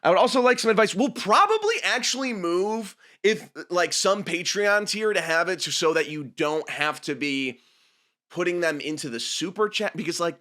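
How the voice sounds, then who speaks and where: A young man with a high-pitched voice hosts a podcast, reading super chats in a casual livestream chat. He's animated, hopping between topics with laughs and frequent restarts.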